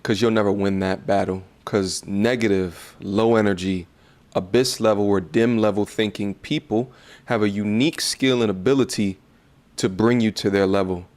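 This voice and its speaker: Man, low voice, measured motivational closing address. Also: steady tone, darkish tone. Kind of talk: motivational sign-off.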